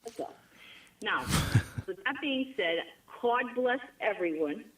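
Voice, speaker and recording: A woman's voice: mid-range voice, animated, takes it slowly, fairly bright tone, low-quality recording. A middle-aged woman from Rhode Island with a New England accent, chatting as a guest and repeating words for emphasis. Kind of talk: conversational interview.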